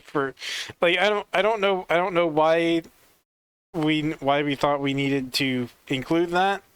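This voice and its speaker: Brief: halting, slow-talking man, casual co-host, smooth clear voice. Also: a little high. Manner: halting, many restarts. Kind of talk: casual chat.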